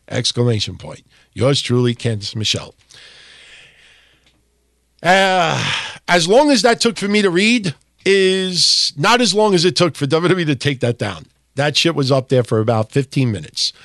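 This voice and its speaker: A man hosting a casual wrestling history podcast, reading with mock enthusiasm and dropping into deadpan asides. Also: fairly high pitch, moderate pace, no echo, studio quality. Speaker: podcast host.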